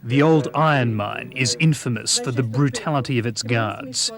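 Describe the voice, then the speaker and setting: A man reading scripted documentary narration in a measured, even way. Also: medium pitch, creaky, a crowd in the background.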